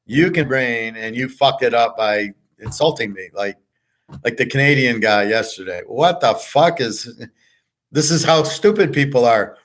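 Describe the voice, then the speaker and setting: A man's voice: mid-range voice, measured pace, fairly bright tone. A middle-aged man hosting a live stream, ranting bluntly and swearing often in a casual monologue. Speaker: host of a live show.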